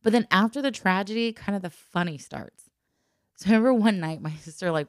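A woman telling a personal story in casual chat, lively and laughing often as she acts out the voices of the people in it. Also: fairly low pitch, quick pace, no room sound, studio quality.

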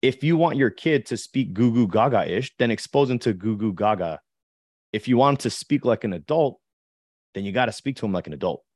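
A man's voice: lowish voice, expressive, a little fast, a little mellow, dry recording, clean studio sound. A man co-hosting a casual podcast, talking conversationally with lots of "like" and "you know". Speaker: podcast co-host.

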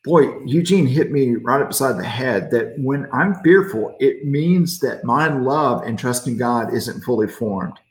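A middle-aged male pastor leads a casual midweek devotional, folksy and quick to crack a joke. He answers viewer comments as they come in. His voice sits at an average pitch, and the room adds a roomy echo. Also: animated.

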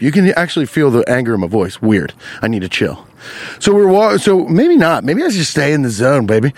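A fired-up podcast host tells a comedic story full of swearing, acting out each character as he goes. His voice is mid-range and brisk, and the recording has no room sound. He comes across as animated and profane.

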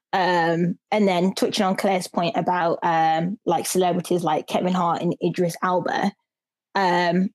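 A woman's voice: on the low side, a little mellow. A woman co-hosting a casual interview, building her questions thoughtfully with fillers. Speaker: podcast co-host.

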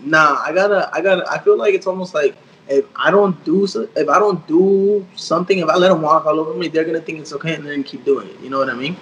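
A man's voice: on the high side, fast talker, a bit bright, slight background noise. Young man, twenties, casual slangy storytelling, lots of fillers, slightly muffled audio. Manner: slangy, many fillers, retells quotes. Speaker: guest artist.

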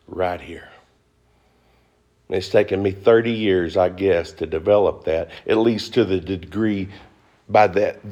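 A middle-aged male pastor preaching a sermon to a congregation, fast and folksy, rising into high emphatic bursts. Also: darkish tone, highs cut off. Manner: fast-talking, folksy with y'all and ain't. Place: church before a congregation.

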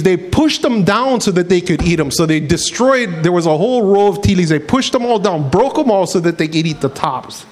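A pastor telling homespun stories in a casual, folksy sermon, acting out quotes and often saying "man". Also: high voice. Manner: animated, acts out quotes in voices.

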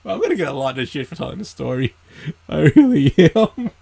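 A young man casually telling a story and acting out quoted voices, animated and swearing. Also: on the high side, a little fast, vocal fry, slightly rough. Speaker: host answering questions.

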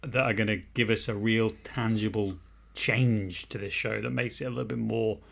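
A man's voice: lowish voice, fairly even intonation, moderate pace, vocal fry. Rambling man hosting a chat. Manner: rambling, many restarts, leads the discussion. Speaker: podcast host. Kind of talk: casual chat.

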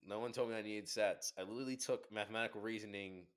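A young man, a college football player, chatting casually in a relaxed way, with halting restarts and casual swearing. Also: on the low side. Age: young adult. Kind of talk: casual chat.

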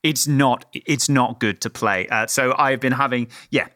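Man, casual chat, rambling, bright forceful tone, dry close sound. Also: mid-range voice, unhurried, no room sound. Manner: rambling, many fillers and restarts. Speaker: game reviewer.

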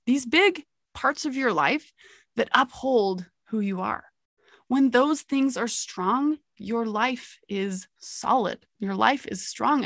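A woman's voice: mid-range voice, fairly bright tone, no echo, clean studio sound. A young adult woman hosting a motivational podcast, telling a story with energy and laughing at herself. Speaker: podcast host.

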